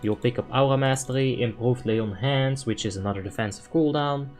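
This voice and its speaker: A man streaming a game live, answering chat questions in a relaxed, talkative way and swearing now and then when a play goes wrong. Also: mid-range voice, brisk, faint music behind. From Netherlands. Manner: relaxed, chatty, thinks out loud, swears when frustrated.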